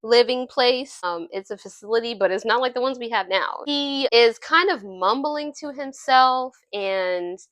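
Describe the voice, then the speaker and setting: A young adult woman reviewing a film in casual chat, animated and chatty, often laughing as she retells scenes. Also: on the high side, unhurried, hardly any pauses, no echo. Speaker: movie reviewer.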